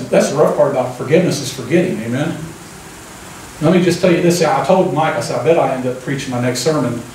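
A man preaching a conversational sermon, folksy and relaxed, often turning to the congregation with a quick "amen?". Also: medium pitch, a little hiss or hum. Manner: folksy, keeps asking the crowd "amen?". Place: church sanctuary. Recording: echoey church room, mic at a distance.

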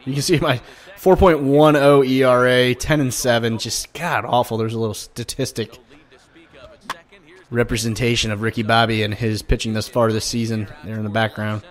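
A man commenting on his own baseball video game play, swearing and flaring up at bad pitches, and talking straight to his viewers. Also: flat delivery, normal speed. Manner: swearing, frustrated outbursts at the game. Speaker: gaming YouTuber. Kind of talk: gameplay commentary.

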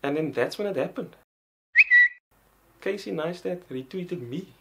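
A young man from South Africa with a South African accent, excitedly rambling through a casual storytime vlog. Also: on the high side, measured pace, creaky. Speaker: vlogger. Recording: background music under voice.

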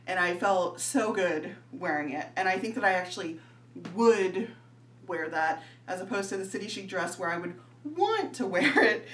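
A woman's voice: mid-range voice, slight background noise. A woman, chatting casually and giggling as she talks viewers through clothing prices in a fashion vlog. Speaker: fashion vlogger. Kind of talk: casual try-on haul chat.

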